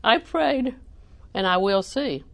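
A woman preacher, delivering a sermon with animated emphasis that rises to near-shouting. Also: on the high side, slow pace, creaky, no room sound.

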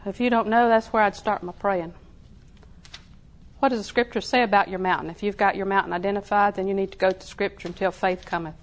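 A woman preaching a sermon in a folksy way, laughing often and repeating phrases softly. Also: medium pitch, steady tone, a little fast.

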